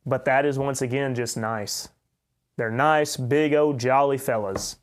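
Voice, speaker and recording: A man's voice: mid-range voice, unhurried. A man with a light Oklahoma accent hosting a podcast, giving blunt, opinionated commentary and enunciating carefully. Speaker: podcast host. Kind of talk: commentary monologue.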